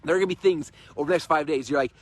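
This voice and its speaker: A man in his thirties talks at a rapid clip, pressing his point over and over with persuasive energy. His voice has a husky, slightly rough grain. He speaks as a coach rallying a group on a livestream. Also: a little high. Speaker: host and coach. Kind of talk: motivational livestream talk. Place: in-laws' home.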